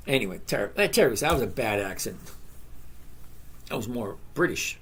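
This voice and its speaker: Man, 60s, live-stream host, rambling chatty Q&A, lively swinging intonation, mid pitch. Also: normal speed, pauses often, slight background noise. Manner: reads viewer questions aloud and answers them by name, rambling and chatty. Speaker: trading educator hosting a live stream.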